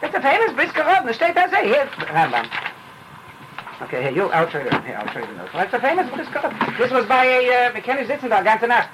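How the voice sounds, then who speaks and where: A man with teaching an informal Torah class, telling parables in a rambling, animated way and dropping in phrases. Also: very high voice, a little fast, noisy background.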